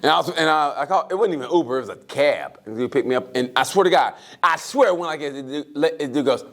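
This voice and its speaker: A man co-hosting a comedy podcast, telling stories loudly with laughter and voices. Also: on the high side, quick pace, few pauses. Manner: loud, laughing, animated storytelling with put-on voices. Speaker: podcast co-host. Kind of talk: casual comedic chat.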